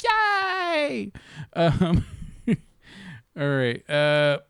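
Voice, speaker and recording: Male podcast co-host, fairly high-voiced, rambling and laughing, dry close mic. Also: moderate pace, a little mellow, no room sound. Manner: rambling, swearing, laughing often. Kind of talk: casual chat.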